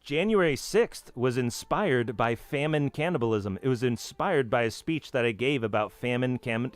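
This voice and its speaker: A man's voice: mid-range voice, smooth, dry recording. A man giving a long rambling monologue as the channel host, half-singing nursery rhymes and swearing as he goes.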